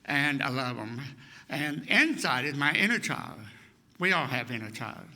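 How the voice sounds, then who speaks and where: A man's voice: medium pitch, a little slow. A man in his sixties preaching a sermon as a humorous personal story, acting out the people he quotes. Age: 60s. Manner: lively storyteller who acts out the people he quotes. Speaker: guest speaker.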